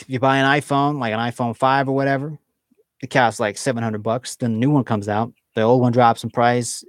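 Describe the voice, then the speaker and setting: A male streamer chats casually with his viewers and reads out their comments as he goes. He rambles, restarts his sentences and leans on fillers, at a middling pitch. The sound is dry and close, as from a desk microphone in a small room. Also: no echo.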